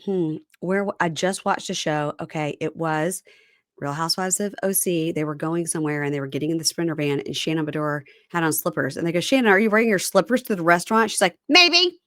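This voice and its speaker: A woman co-hosting a casual chat, relaxed and agreeable, chiming in with her own stories. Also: sits low, brisk, no echo, clean studio sound. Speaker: podcast co-host.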